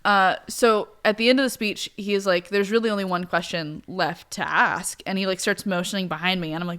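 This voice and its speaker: A woman co-hosting a casual podcast, telling a story with lively energy and frequent laughter. Her voice is smooth and clear, set at a middle pitch. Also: fairly quick, few pauses. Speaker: podcast co-host.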